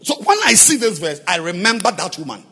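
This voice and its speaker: A man preaching a sermon as a pastor, moving from quiet asides to shouted, sung-out exhortation. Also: high-pitched, sing-song, fairly quick, slightly rough. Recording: hall reverb with faint music.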